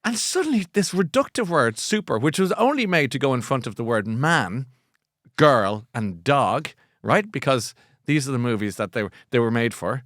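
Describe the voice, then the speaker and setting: A man's voice: mid-range voice, normal speed, dry recording. Irish guy hosting a book show, chatty, laughs a lot, dry close mic. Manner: chatty, animated, laughing, self-mocking. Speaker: host. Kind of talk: casual chat.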